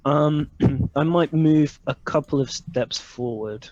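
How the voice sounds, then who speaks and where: A man playing a tabletop game, relaxed and thinking aloud as he plans his moves. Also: a little high, takes it slowly, dry recording. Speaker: player. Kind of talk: casual tabletop game play. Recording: dull lo-fi mic.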